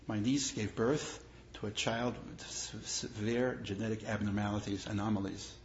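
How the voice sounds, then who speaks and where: A gravelly-voiced rabbi lectures to an audience in an echoey hall, the recording dull and lo-fi with a faint hiss. He repeats his phrases and presses his points harder as his stories build. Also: fairly low pitch, normal speed. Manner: grows animated and emphatic in stories, repeats phrases. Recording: echoey room, dull lo-fi sound, faint noise.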